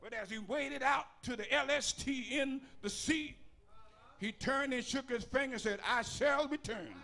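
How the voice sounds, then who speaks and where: High, bright-voiced man with fire. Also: moderate pace, creaky. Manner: rhythmic preaching, building to shouted repetitive lists; folksy, with dialect grammar and humor. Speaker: bishop preacher. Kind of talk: sermon.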